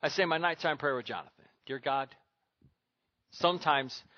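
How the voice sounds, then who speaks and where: A man preaching a sermon with a bright, forceful voice that sits a little high. He preaches emphatically, repeating key phrases, and the sound is dry and somewhat muffled. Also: normal speed, dry recording. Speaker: pastor.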